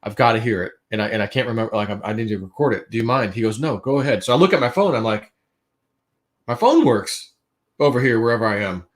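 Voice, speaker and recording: A man's voice: on the low side, rapid-fire, few pauses. A man on a livestream telling a long dream story in a casual, rambling way, full of fillers and restarts. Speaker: guest.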